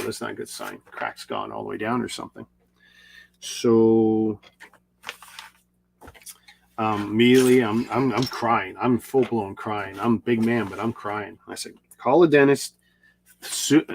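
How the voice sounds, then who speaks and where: A man's voice: fairly low pitch, vocal fry, a little hiss or hum. A middle-aged man casually telling a long, rambling personal story with restarts and repeats. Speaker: video creator.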